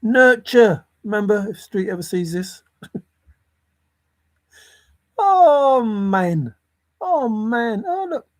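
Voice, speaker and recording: A man with a high, sing-song voice talks slowly and pauses often while vlogging about a treasure hunt. His commentary over the video rambles, with giggles, repeated words, and mumbling to himself.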